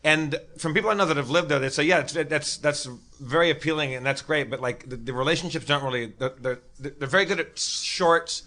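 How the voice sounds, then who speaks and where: Bright-voiced man musing hesitantly. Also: a little high, fairly quick, hardly any pauses. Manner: hesitant, filler-laden musing. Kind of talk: live comedy podcast chat.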